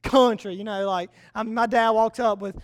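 High-voiced young preacher man. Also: normal speed, no room sound. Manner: animated storytelling, repeats key words for emphasis. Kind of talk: sermon.

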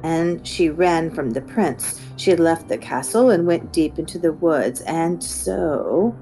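A woman reading a children's book aloud with expressive storytelling. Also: sits low, slow, soft background music, poor audio. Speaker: reader.

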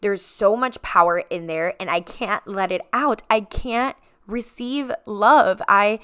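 A woman's voice: medium pitch, takes it slowly, pushed and bright, clear, resonant tone, no echo, studio quality. A woman hosting a podcast, telling a personal healing story in an emphatic, repetitive way and addressing listeners as guys. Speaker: podcast host.

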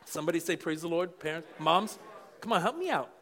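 A middle-aged man preaching a sermon with passion, dropping to quiet asides and then rising to shouts. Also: fairly high pitch, lively intonation, brisk. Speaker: pastor.

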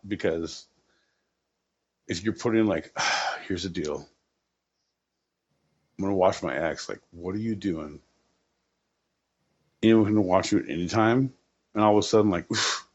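Profane joking man, slightly muffled. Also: sits low. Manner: crude, joking, profane rambling. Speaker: podcast co-host. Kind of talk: casual comedic chat.

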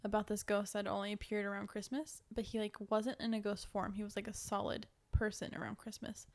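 A woman's voice: mid-range voice, little pitch movement, fairly quick. A woman co-hosting a podcast, chatting playfully about books and movies and arguing points with mock logic. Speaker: podcast co-host. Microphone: podcast mic.

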